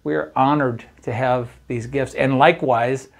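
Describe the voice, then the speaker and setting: Middle-aged man, campus pastor, folksy devotional delivery, mid-pitched. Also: fairly even intonation, normal speed, gravelly. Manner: conversational, folksy, often asks "right?". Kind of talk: daily devotional talk.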